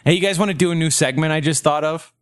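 A man's voice: on the high side, fast, dry recording, studio quality. A man hosting a podcast, joking crudely and laughing through casual comedic banter. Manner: crude, giggly, riffing. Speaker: podcast host.

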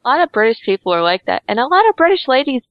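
A woman's voice: high voice, big pitch swings, rapid-fire, no echo, highs cut off. A woman co-hosting a casual comedy podcast, giggly and trailing off mid-thought. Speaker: podcast co-host.

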